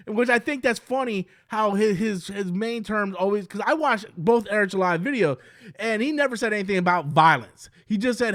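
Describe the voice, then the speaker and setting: High-voiced guy ranting his opinion, rambly and heated, super dry sound. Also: normal speed, a bit bright, dry recording. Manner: rambling and heated, with many restarts and quoted impressions. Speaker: commentary YouTuber. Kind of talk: casual opinion commentary.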